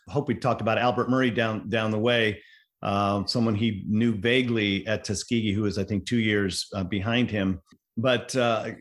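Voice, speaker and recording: A middle-aged man speaking at a panel discussion, digressive and lively, full of fillers and restarts, rising sharply when he exclaims. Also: mid-range voice. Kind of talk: animated panel talk.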